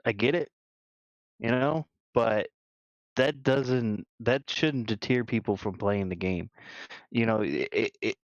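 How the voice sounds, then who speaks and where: A man's voice: fairly low pitch, takes it slowly, dry recording. A man co-hosting a gaming podcast, talking casually in a rambling way, full of restarts and "you know.". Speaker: podcast co-host. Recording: dull lo-fi dry sound.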